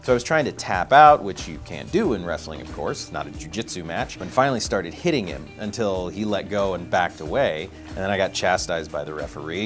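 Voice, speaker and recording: A man's voice: low-pitched, expressive, brisk, few pauses, faint music behind. A man telling a personal anecdote to camera in a wry, self-deprecating way. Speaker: storyteller.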